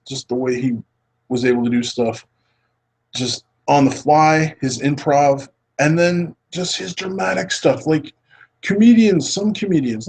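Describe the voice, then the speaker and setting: A man's voice: mid-range voice, a little mellow, slightly rough, low-quality recording. A man hosting a casual film podcast, rambling and earnest, often restarting his sentences. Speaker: podcast host.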